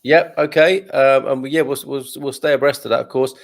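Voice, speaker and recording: A man's voice: medium pitch, steady tone, a little fast. A man hosting a casual live stream, chatting and joking as he reads out viewer comments. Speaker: host.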